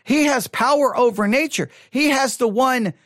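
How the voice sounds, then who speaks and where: A man with a fairly high voice teaches a Bible study, reading old scripture aloud and then unpacking it in loose conversational speech. He often repeats or restarts his words as he thinks. The sound is dry and close, with no room around it. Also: normal speed, a bit bright, no echo. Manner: mildly critical of typical sermons.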